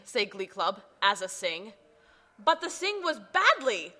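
A woman doing a deadpan comic reading in deliberately broken English. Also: mid-range voice.

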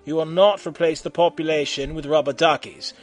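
A man voicing a pompous, evil alien robot overlord with slow, grand declarations. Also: fairly high pitch, steady tone, faint music behind, lightly acted. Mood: menacing.

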